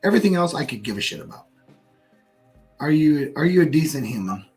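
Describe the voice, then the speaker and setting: American man, fairly high voice, animated storyteller, swears freely, faint music behind. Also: a little fast. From United States. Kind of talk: casual pub chat.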